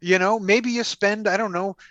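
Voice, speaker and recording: Guy ranting on a podcast, swears a lot, kinda high voice, super dry sound. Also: fairly even intonation, normal speed, a bit bright, no room sound. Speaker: podcast co-host. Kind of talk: casual chat.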